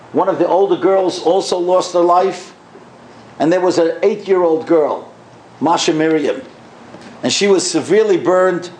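A man giving a sermon as a rabbi, telling stories earnestly and climbing higher when he quotes. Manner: earnest, rising to animated pitch when quoting. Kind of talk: sermon storytelling. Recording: echoey room.

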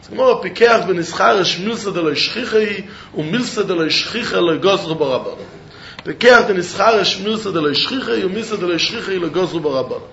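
A man teaching Talmud in a lecture, working through questions and answers in an animated sing-song study chant. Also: high voice, fast, vocal fry, a little hiss or hum. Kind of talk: Talmud lecture in Yeshivish English. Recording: dull echoey room recording.

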